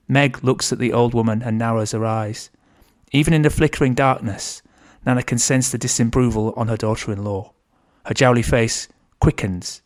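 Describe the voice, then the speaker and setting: An author reading his own novel aloud in a steady, measured narrating voice. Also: medium pitch.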